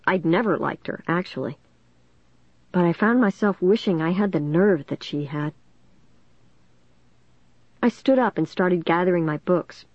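Lower-voiced woman reading a storybook. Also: darkish tone, no echo. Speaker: audiobook narrator. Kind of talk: first-person storybook narration. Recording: dull, dry lo-fi recording.

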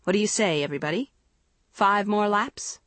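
A woman's voice: mid-range voice, normal speed, fairly bright tone, no echo, pitched above the performer's own voice, natural voice. A woman narrator voicing a female swim coach who gives orders with dry teasing humor. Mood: brisk. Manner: commanding, joking.

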